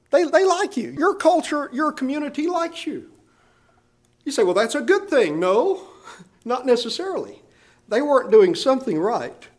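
A man delivering a sermon in a high-pitched voice. He preaches with fervent emphasis and leaps even higher when he quotes or presses a point home.

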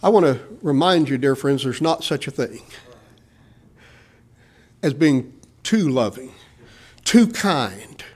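A man's voice: medium pitch, animated, slow pace, pauses often, husky. A man preaching a sermon, asking the listeners questions and acting out the voices of the people in his story. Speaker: pastor.

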